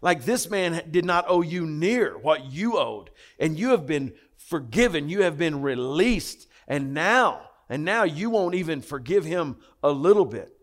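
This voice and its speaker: A man's voice: on the high side, lively intonation, unhurried, hardly any pauses. A man preaching a sermon, impassioned and emphatic, with frequent repetitions. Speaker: pastor.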